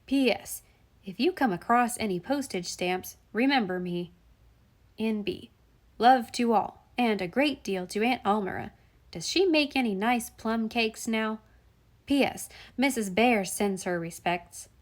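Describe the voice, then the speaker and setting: A woman's voice: fairly high pitch, a little slow, lightly acted. A woman voicing a cheeky schoolboy reading out his own long letter with many postscripts. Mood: playful. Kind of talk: audiobook reading.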